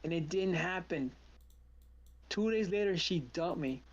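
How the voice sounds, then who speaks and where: A man's voice: high voice, unhurried, highs cut off. A man hosting a live trading stream, chatting casually and telling stories with acted-out quotes. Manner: animated storyteller, acts out quotes.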